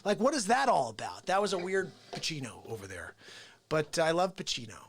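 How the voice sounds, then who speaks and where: Excitable man hosting a live show. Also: on the high side, fairly quick, slight background noise. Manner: rambling, excitable, talks to viewers. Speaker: host and realtor. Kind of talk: live solo comedy show.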